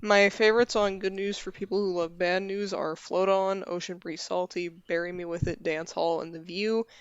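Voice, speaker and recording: A young woman chats as a podcast guest, earnest and a bit rambling, her voice smooth and clear. The recording is a little dull and lo-fi. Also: fairly low pitch, flat delivery, moderate pace, dry recording. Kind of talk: casual podcast chat.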